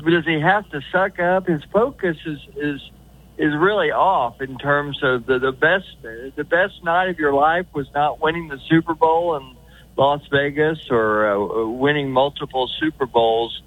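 Guy from kansas city calling in, tinny phone, kinda high voice, rambly, keeps restarting. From Kansas City area. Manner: rambling, halting, repeats himself. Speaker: regular caller. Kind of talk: phone-in call.

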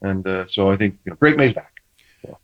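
A man and former quarterback telling stories in casual sports talk, animated, acting out the banter he quotes, with many restarts. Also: deep voice, brisk, highs cut off.

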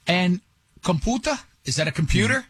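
A man's voice: sits high, big pitch swings, moderate pace, fairly bright tone, slightly rough, dry recording. A male radio host in casual talk, rambling and teasing, often stumbling over his own sentences. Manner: rambling, self-interrupting, teasing.

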